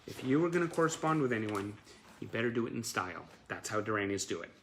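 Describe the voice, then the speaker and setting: A man's voice: lowish voice, animated, quick pace, a bit bright, slight background noise. A man who collects band memorabilia, chatting casually on a live stream and showing off his items, enthusiastic and full of fillers.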